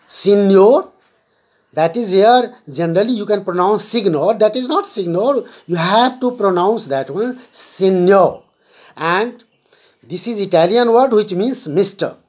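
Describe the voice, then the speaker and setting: Slow, husky woman teaching a lesson. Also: medium pitch. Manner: patient, explains step by step and repeats key words. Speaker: English teacher. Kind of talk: classroom vocabulary lesson.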